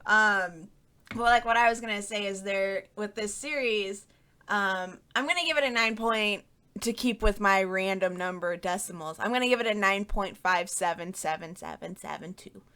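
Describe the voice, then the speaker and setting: A woman's voice: medium pitch, normal speed, bright, forceful tone, clean tone. A young woman hosting a manga book club podcast, chatting casually and rambling with lots of fillers. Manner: rambling, filler-heavy, laughs easily. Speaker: podcast host. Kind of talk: casual chat.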